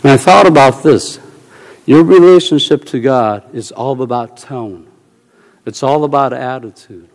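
A man preaching a sermon in an animated, storytelling way, repeating short phrases for emphasis and bursting into loud shouts. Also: medium pitch, measured pace. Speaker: pastor. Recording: long hall reverb.

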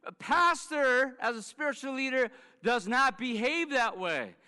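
A man's voice: very high voice, lively intonation, unhurried, sharp tone, clear, resonant tone, voice pushed up, full character voice. Man playing a scolding mother. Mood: reproachful. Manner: insistent, reproachful. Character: scolding mother reproaching her grown son. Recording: long hall reverb.

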